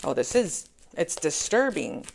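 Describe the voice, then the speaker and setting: A woman's voice: low voice, very animated, unhurried, vocal fry, slight background noise. A woman doing a casual, chatty tarot reading, often checking in with "okay?" and calling her listeners angels. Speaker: tarot reader.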